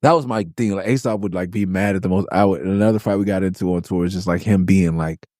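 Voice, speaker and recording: A man's voice: low-pitched, fast talker, dry recording, studio quality. A man hosting a podcast, telling tour stories casually with lots of swearing and acted-out quotes. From Los Angeles. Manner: animated, swearing, acts out quotes with raised voice. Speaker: podcast host. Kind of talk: casual storytelling.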